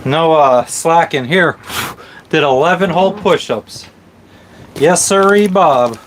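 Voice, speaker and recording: A man's voice: on the high side, slow pace, a little hiss or hum. A man vlogging casually from a boat, joking around and swearing freely. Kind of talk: casual chat.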